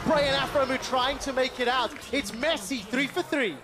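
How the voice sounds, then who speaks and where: Very high-voiced male play-by-play caster. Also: crowd noise. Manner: rapid play-by-play calls. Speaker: esports caster. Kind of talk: play-by-play commentary. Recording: loud music playing behind.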